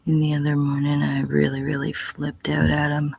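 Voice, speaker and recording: Gravelly, husky middle-aged woman. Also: low voice, completely flat delivery, normal speed, darkish tone. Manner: blunt, profane, slips into whispers. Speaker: livestreamer answering chat. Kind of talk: casual livestream chat.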